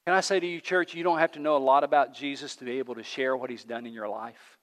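A man's voice: mid-range voice, steady tone, quick pace, few pauses, a bit bright. A male pastor delivering a sermon to his congregation, with an emphatic, repetitive preaching cadence that builds and rises. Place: church sanctuary, livestreamed. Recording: long hall reverb.

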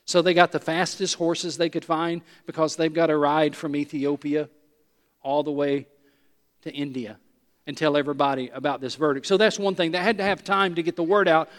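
High-voiced man preaching in a hall. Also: moderate pace. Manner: animated, emphatic, conversational teaching. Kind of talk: expository sermon.

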